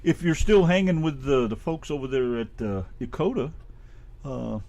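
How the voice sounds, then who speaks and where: A man's voice: medium pitch, expressive, normal speed, mellow. A middle-aged man from Ohio with a Midwestern American accent, co-hosting a radio show in rambling, casually profane chat.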